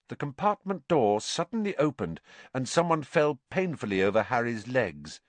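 A man narrates an audiobook with expressive storytelling. His voice is medium-pitched and moderately paced, with no echo.

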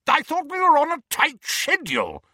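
A man's voice: very high voice, huge pitch swings, moderate pace, sharp tone, no echo, clean studio sound, pitched above the performer's own voice, heavily acted. A man putting on roaring Uncle Vernon. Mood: impatient. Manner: roaring, blustering. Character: bullying impatient middle-aged man, Uncle Vernon.

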